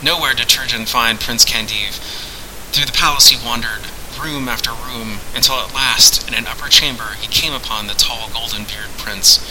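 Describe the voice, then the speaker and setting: A man narrating a fantasy story aloud in a measured, dramatic way. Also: mid-range voice, pushed and bright, slight background noise, rough recording.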